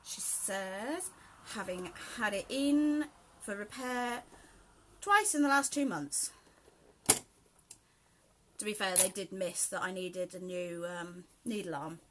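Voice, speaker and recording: A woman's voice: medium pitch, slow, long pauses, background noise. Chatty British woman sewing at home. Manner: chatty and rambling, with frequent ums and laughs. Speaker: sewing vlogger. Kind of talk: casual chat while sewing.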